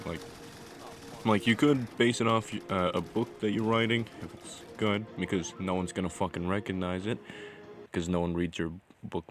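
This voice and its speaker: A young man with a very low, groggy morning voice, talking crude and sweary with dry sarcasm. It's a casual vlog voice-over with a faint hiss under it. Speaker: gaming video creator.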